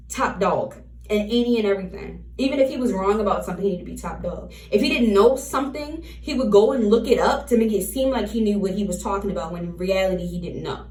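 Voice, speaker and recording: A woman's voice: a little high, far from the mic. A woman vlogger candidly retelling a personal story to camera, repeating key phrases as she goes. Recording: roomy, from off the mic.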